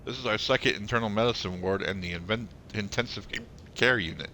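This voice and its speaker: A man's voice: lowish voice, fast talker, sharp tone, a little hiss or hum. A man streaming a game, reading all its dialogue aloud in his own voice, stumbling over words now and then, with the hiccups. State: has the hiccups.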